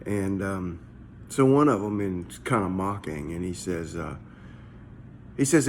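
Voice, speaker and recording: A man's voice: deep voice, expressive, a little slow, slight background noise. A man, a pastor, giving a casual morning devotional in a conversational, searching way, often repeating his words. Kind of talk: short devotional talk.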